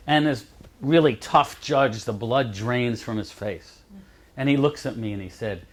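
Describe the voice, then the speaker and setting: A man's voice: medium pitch, a little slow. A man telling anecdotes to a lecture audience in a chatty way, laughing at his own lines. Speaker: advocate speaking at a college lecture. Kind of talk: storytelling talk to an audience. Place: lecture room.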